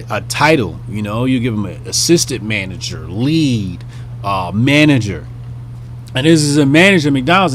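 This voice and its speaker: Man, slightly high voice, blunt and profane, casual commentary, faint hum behind. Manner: blunt, profane, animated, acts out bits of scenes. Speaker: commentary channel host.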